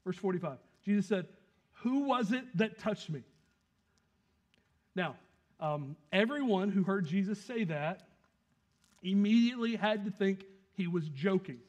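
Preaching a sermon, this pastor has a high-pitched male voice and an animated manner. His delivery moves from loud, emphatic lines to quiet asides, and he brings the scene to life by acting out quotes briefly.

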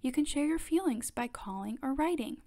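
A woman softly giving voice to a gentle, patient father turtle from a picture book. He reassures in a calm, kindly way, in a slightly high voice. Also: moderate pace. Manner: soothing, reassuring.

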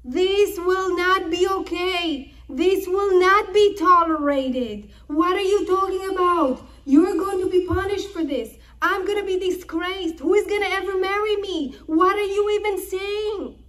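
A distraught young woman, as a storyteller puts her on, cries out in a raised, high voice. She begs and protests loudly, her words spilling out in alarm. It is a dramatic voice from a spoken story retelling. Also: measured pace. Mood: distressed pleading. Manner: loud, high, pleading outcry.

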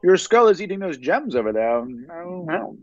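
A man playing in a tabletop game over a call, explaining things in a rambling, animated way. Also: high voice, normal speed, muffled recording. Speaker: player. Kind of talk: casual tabletop chat.

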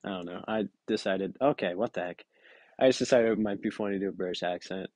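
A man's voice: on the low side, fast, a little mellow, no room sound, studio quality. A tired young man giving casual, giggly, self-mocking commentary while playing a mobile game. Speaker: gaming video creator.

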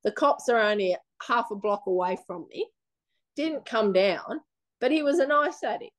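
A woman with an Australian accent, telling her own story in a blunt, animated, plain-spoken way during an interview. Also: on the high side, moderate pace. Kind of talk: casual personal storytelling.

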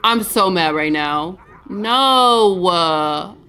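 A woman hosting a let's play, giving casual, excitable game commentary and laughing often. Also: fairly high pitch, a little slow, faint music behind.

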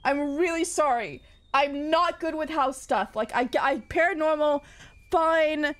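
Very high-voiced, jumpy woman streamer. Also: unhurried. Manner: jumpy, yelps and repeats herself when scared. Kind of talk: live gaming commentary.

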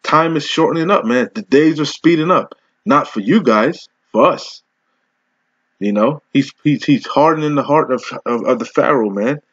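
Profane scolding preacher, muffled dry audio. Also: male voice, mid-range voice, a bit bright, husky, no echo. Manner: harsh, profane, scolding, slows to read verses. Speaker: street preacher. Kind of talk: confrontational sermon with scripture reading.

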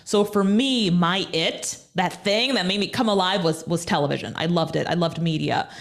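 A woman's voice: lowish voice, moderate pace, vocal fry. Emphatic woman guest speaker. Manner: emphatic, energetic, repeats points for effect. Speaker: interview guest, TV personality and speaker. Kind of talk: motivational interview talk.

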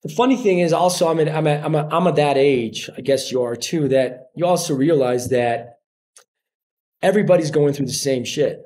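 A man in his forties speaks English with a Colombian Spanish accent, his voice sitting a little higher than most men's. He tells stories in a relaxed interview, often slipping into quoted voices of other people. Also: normal speed. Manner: animated storyteller acting out quoted voices. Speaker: podcast guest, actor. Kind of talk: casual interview chat.

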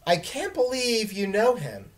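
A woman voicing an excitable ten-year-old boy in a storybook reading, breathless and gushing. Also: mid-range voice, unhurried, pitched above the performer's own voice. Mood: excited.

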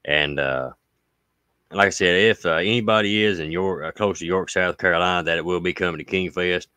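His voice sits low, smooth and Appalachian-accented as he hosts a laid-back livestream and reads viewer mail. Pushed and bright, he's folksy throughout, dragging out long thanks, with no room sound behind him.

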